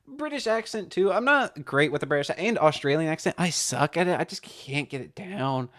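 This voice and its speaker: A man's voice: a little high, lively intonation, moderate pace, few pauses, fairly bright tone. Young man, casual and hesitant, heavy on fillers; vlog chat. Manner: rambling, hesitant, lots of fillers. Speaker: amateur impressionist.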